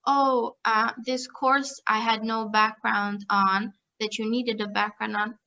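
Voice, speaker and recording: A young woman telling her story as a podcast guest, chatty and animated, with lots of "like" and frequent laughter. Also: fairly high pitch, takes it slowly, vocal fry, dull audio. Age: young adult. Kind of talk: casual storytelling interview.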